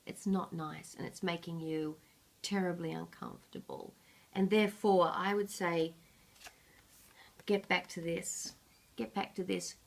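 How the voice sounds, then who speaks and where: A woman's voice: fairly low pitch, fairly even intonation, unhurried, gravelly, long pauses. A woman psychic reading oracle cards and books for a viewer, in an earnest, reflective way with light laughs. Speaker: psychic reader.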